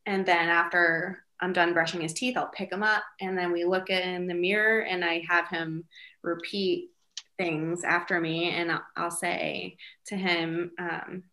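A woman's voice: fairly low pitch, level tone, a little slow, bright, forceful tone. A woman, a single mother, chatting casually in an interview with many fillers and light laughs. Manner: chatty, lots of fillers, giggly.

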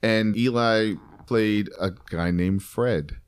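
A man interviewing a guest in a relaxed, casual conversation, asking quick follow-up questions. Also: lowish voice, clear, resonant tone.

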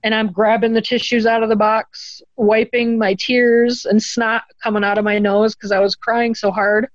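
A woman's voice: on the high side, level tone, normal speed, dry recording, muffled recording. A woman telling an emotional personal story as an interview guest, earnest and at times tearful, lifting her voice when she quotes others. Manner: earnest, tearful at moments, quoting others in a lifted voice.

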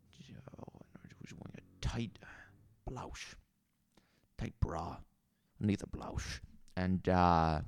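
Man putting on a foul-mouthed Southern bar owner, rambling and gravelly, dry close sound. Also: lowish voice, warm tone, no echo. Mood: leering storytelling. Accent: put-on Southern US. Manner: crude, rambling, swears a lot. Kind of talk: improvised character comedy.

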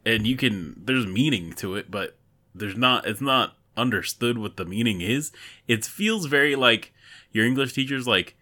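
A man's voice: medium pitch, animated, normal speed, sharp tone. A young man in casual chat, blunt and swearing often.

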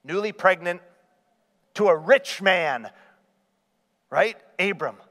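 A man's voice: high-pitched, lively intonation, takes it slowly, pauses often, pushed and bright. Preaching man in a reverberant hall. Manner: rhetorical questions to the congregation. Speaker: pastor. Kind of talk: sermon.

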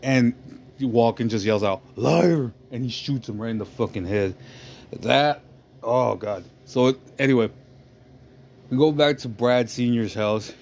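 A man's voice: medium pitch, unhurried, darkish tone, a little hiss or hum. A man casually retelling a movie plot as a podcast host, rambling and swearing, often asking "you know what I mean".

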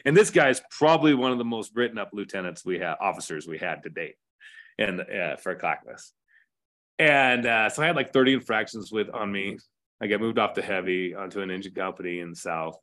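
A man's voice: on the low side, animated, fairly quick, a bit bright. A middle-aged man with an American accent, a fire captain telling a story as a podcast guest in a candid, casual way, cursing now and then and acting out quoted dialogue.

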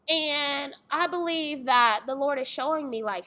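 A young woman, a fitness trainer sharing a candid faith testimony, telling it in a lively way with acted-out voices and exclamations. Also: high voice, measured pace, hardly any pauses. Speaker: fitness trainer and dance tour organizer.

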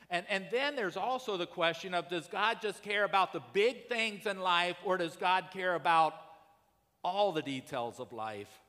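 A man's voice: sits high, animated, moderate pace, bright, forceful tone, in a large hall. A man preaching a sermon in a conversational way that rises to urgent emphasis. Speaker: pastor.

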